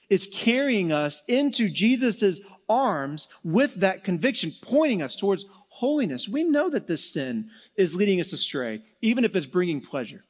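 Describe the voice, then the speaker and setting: A man preaching a sermon in an earnest way, slowing and dropping soft for emphasis, then rising again. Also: fairly high pitch. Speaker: pastor.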